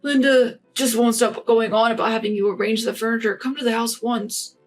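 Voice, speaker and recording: A woman voicing a pushy, angry husband who talks in sharp, demanding bursts in a story narration. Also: very high voice, fairly even intonation, brisk, soft background music.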